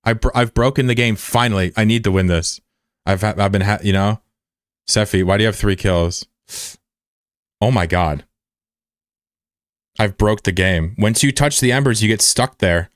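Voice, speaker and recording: A man streaming as the developer of his own game, chatting casually and swinging between excited shouting and muttered frustration. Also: on the low side, normal speed, long pauses, no echo, clean studio sound. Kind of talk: casual livestream chat.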